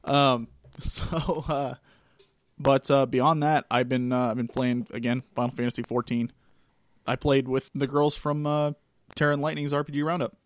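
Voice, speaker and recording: A man's voice: mid-range voice, steady tone, normal speed, no echo, studio quality. A man co-hosting a gaming podcast in casual chat, laid-back and talkative, laughing often. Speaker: podcast co-host.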